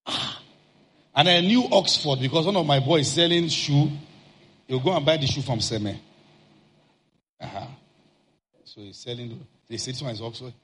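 A man preaching, telling a personal story in an animated way and acting out shouted outbursts. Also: mid-range voice, normal speed, long pauses.

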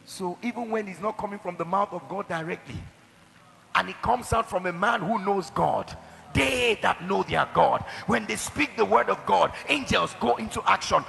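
High gravelly preaching man, bright tone. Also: lively intonation, normal speed, faint music behind. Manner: emphatic preaching, shouted declarations and acted-out quotes. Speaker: pastor. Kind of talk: sermon. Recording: hall reverb.

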